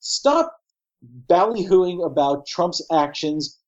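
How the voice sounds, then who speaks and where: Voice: mid-range voice, sing-song, slow, dull audio. A middle-aged co-host from the New York area, ranting bluntly and profanely about politics in casual chat. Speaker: podcast co-host.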